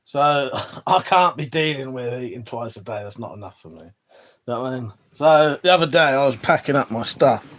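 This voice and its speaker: Here a man from England runs a relaxed livestream indoors in front of his weapon wall, reading viewer chat. His medium-pitched voice is fairly bright with lively intonation at a moderate pace, and his talk is loose, sweary, rambling, and full of unfinished sentences.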